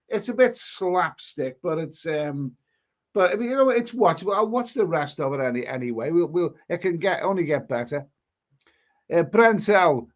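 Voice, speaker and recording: Scouse guy rambling on his live stream, kinda high voice, stammery, dull lo-fi audio. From England. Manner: rambling, chatty, many restarts and stammers. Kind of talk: casual live stream chat reading viewer comments.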